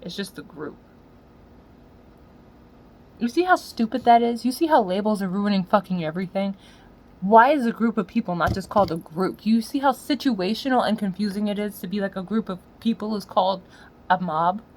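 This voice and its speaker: A woman's voice: brisk, rough recording. Woman on a sweary slangy rant. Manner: swings from low muttering to loud yelling. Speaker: solo podcaster. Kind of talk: profane ranting monologue.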